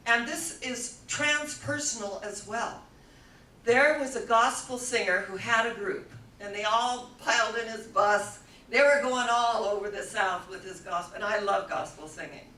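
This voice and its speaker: Older woman, spiritual talk, bright and forceful voice, slightly off-mic in an echoey room; storyteller who plays out her quotes. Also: medium pitch, recorded from a distance. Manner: warm-toned storyteller, laughs easily, acts out quoted voices. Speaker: spiritual speaker.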